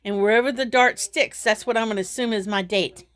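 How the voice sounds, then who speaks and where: A woman's voice: on the high side, fairly quick, a bit bright. Chatty middle-aged woman who laughs often. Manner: rambling, laughs through her frustration. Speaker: vlogger. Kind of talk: casual vlog chat.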